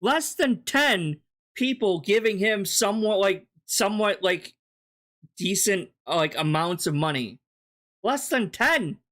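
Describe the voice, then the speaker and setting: A man rants through reaction commentary with blunt, profane dismissiveness. His voice sits slightly high for a man, and he talks loosely and casually. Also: animated, measured pace, a bit bright. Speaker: commentary streamer.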